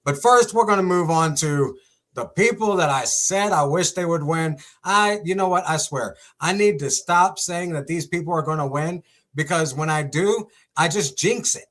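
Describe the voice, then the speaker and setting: A young man hosting a casual sports commentary segment, talking in an excitable, exclamatory way. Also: a little high, normal speed.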